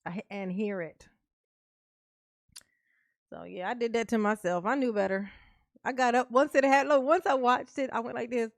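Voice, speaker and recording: A woman's voice: a little high, fairly even intonation, moderate pace, long pauses, dry recording, studio quality. A woman streamer chatting casually and laughing often as she reacts live and talks to her viewers. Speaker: streamer reacting to a court livestream.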